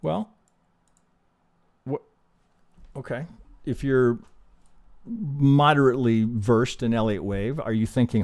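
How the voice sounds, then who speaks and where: He speaks slowly in a mid-range, darkish voice, leaving long pauses. As a trading teacher on a live stream, he talks through his charts with rhetorical questions, keeping it casual and profane.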